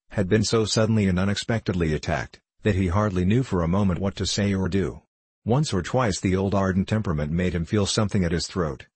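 Man, audiobook narration, very deep voice, husky tone, dry close sound. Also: a little mellow, no echo. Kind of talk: scripted narration.

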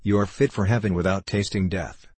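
A man's voice: sits low, fairly even intonation, brisk, darkish tone, no room sound. A man voicing an intense, obsessed male scientist who speaks impetuously in old-fashioned words, in an audiobook reading. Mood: earnest.

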